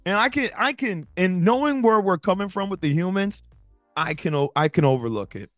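A podcast co-host chats casually about movies, speaking in animated bursts with stammering restarts and sudden shifts between loud and soft. His voice sits high and moves a little fast, with no room sound and faint music in the background.

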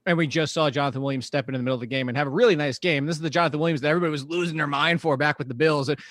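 Male call-in guest, casual and analytical, slightly high, dry close sound. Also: rapid-fire, no room sound. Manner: relaxed, conversational, analytical. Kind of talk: casual podcast chat, call-in. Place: at home.

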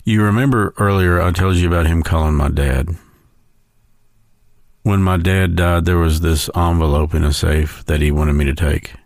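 Very deep-voiced man telling a heartfelt story. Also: steady tone, vocal fry, a little mellow, dry recording, clean studio sound. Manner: slow, heartfelt, pausing storyteller. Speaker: podcast host. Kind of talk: personal storytelling tribute.

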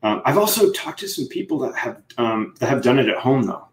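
This male co-host chats on a podcast at a brisk clip, his medium-pitched voice swinging widely up and down. Loose and eager, he leans on fillers and tacks "right?" onto his lines, with an echo from the room around him.

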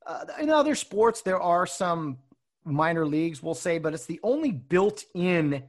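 A man hosts a relaxed interview, chatty and affable as he sets up his questions. His voice sits a little on the high side. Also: a little slow. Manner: affable, chatty, laughs easily. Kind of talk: casual interview.

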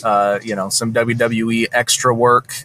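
Bright-voiced male podcast host. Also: medium pitch, flat delivery, a little hiss or hum. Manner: halting questions with many fillers. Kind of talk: interview questions.

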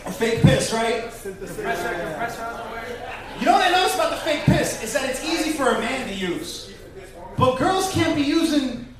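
High-voiced profane stand-up man. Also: lively intonation, moderate pace, long pauses, recorded from a distance. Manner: profane, loud crowd work. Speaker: stand-up comic. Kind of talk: stand-up routine. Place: comedy club stage. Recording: echoey club, mic off-axis, crowd audible.

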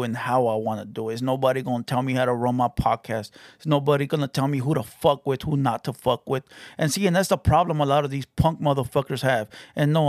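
Man, podcast host, combative and profane, slightly high voice, dry close sound. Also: dry recording. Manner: profane, confrontational, taunting. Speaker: podcast host reacting to clips. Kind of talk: heated reaction commentary.

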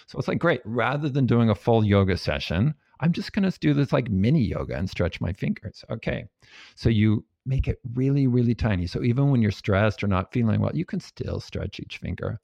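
A man being interviewed as a guest researcher, explaining ideas in a calm, practical and lightly playful way. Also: fairly low pitch, normal speed, creaky, dry recording, highs cut off.

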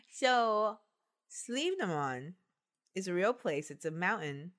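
A woman hosts a podcast, reading a folk tale aloud in casual chat and joking with friends, playful and laughing often. Her mid-range voice swings widely in pitch, with a slow pace and a fairly bright tone.

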